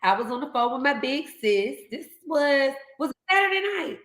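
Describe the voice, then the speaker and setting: A woman hosting a live stream, telling a story in casual chat, animated and laughing as she acts out the voices in it. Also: high-pitched, normal speed, echoey room, poor audio. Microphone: video call.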